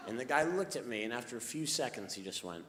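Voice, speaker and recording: A stand-up comedian from Boston telling an animated story on a live stage, swinging from hushed asides to outbursts. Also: male voice, medium pitch, quick pace. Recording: live set with ambient noise.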